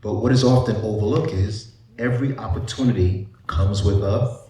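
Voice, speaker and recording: Low-voiced man speaking at an echoey panel. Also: steady tone, normal speed, dark tone, distant mic. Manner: conversational, asks rhetorical questions, frequent "you know". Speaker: psychiatrist panelist. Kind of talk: panel presentation to a live audience. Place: large echoey event room. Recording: echoey hall, voice off-mic.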